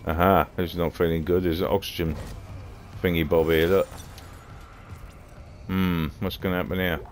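Rambling Cockney man, deep voice. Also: level tone, moderate pace, a little hiss or hum. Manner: rambling, chatty, mutters to himself. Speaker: gaming streamer. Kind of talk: casual gameplay commentary. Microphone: headphones on, streaming setup.

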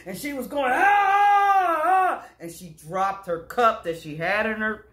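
A woman bus driver telling a comic story to viewers in an animated, chatty way, calling them y'all. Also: mid-range voice, moderate pace. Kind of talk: comedic storytelling to camera. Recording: roomy echo.

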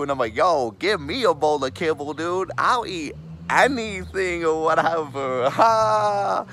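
A man's voice: fairly high pitch, lively intonation, a little slow, a bit bright, dry recording. A man in a comedic sketch monologue, rambling and repeating his filler phrases over and over. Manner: rambling, repeats "for real" and "or whatever".

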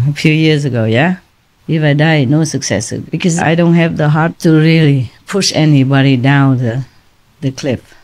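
A woman's voice: low voice, a little mellow. A woman spiritual teacher talking casually to her disciples, tired and confiding, often laughing between lines. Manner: weary, confiding tone.

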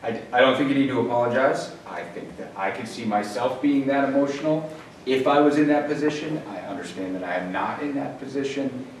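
A man on a zoning board speaking at a public hearing, measured and halting, with frequent restarts. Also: medium pitch. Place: town meeting room. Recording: echoey room from far off, faint hiss.

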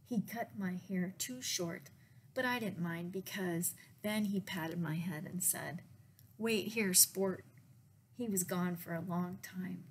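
Woman librarian, storytime read-aloud, slow and gentle, faint hiss behind. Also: lowish voice. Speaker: children's librarian. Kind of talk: picture book read-aloud.

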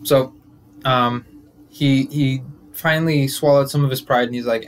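A man's voice: mid-range voice, steady tone, measured pace, pauses often. Rambling young comic host, man. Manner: rambling, joking, self-interrupting. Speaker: comedian and podcast host. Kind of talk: casual comedic monologue.

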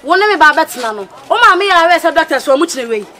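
A woman's voice: extremely high pitch, animated, very fast, sharp tone, some chatter behind, exaggerated voice. A woman playing a fiery young woman berating her lover. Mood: scolding. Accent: Ghanaian. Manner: scolding, insistent. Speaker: actor. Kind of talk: Ghanaian film acting.

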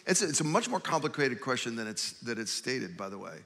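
A man's voice: medium pitch, big pitch swings, fast talker, sharp tone. A man, a pastor, moderating a church conference panel and speaking earnestly to the audience. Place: large church hall. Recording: long hall reverb.

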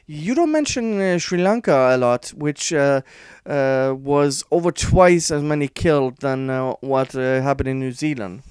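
A man reacting to an article he reads aloud, frustrated and sarcastic, halting often with fillers. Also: medium pitch, darkish tone, clean tone, no echo, studio quality. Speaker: online commentator.

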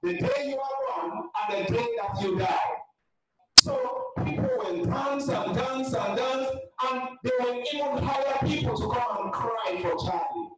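A man from Africa preaching a funeral sermon in a church. He talks emphatically, often shouts, and calls out to the congregation. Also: very high voice, big pitch swings, a little slow. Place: large church hall. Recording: very echoey church from far off, with music.

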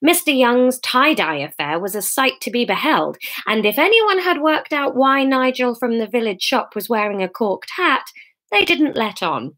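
A woman reading her own comic novel aloud on a home live stream, lively and chatty, laughing at her own slips between passages. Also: fairly high pitch, moderate pace.

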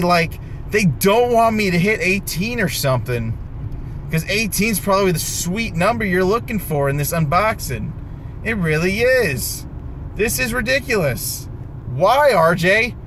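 A man's voice: a bit bright, slight background noise. A young man commenting on a mobile game unboxing, exasperated and complaining. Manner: exasperated, groaning and complaining, sudden jumps in pitch. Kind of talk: frustrated gameplay commentary.

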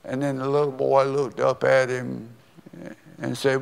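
An older man, a pastor, preaching a sermon and telling a story slowly and deliberately, with pauses. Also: mid-range voice, level tone, gravelly, smooth. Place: church sanctuary. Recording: long reverb of a church hall.

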